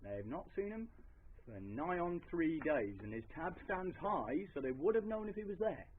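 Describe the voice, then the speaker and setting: A man's voice: fairly high pitch, big pitch swings, normal speed, slight background noise. A man doing a blunt village runner. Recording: tinny lo-fi live recording.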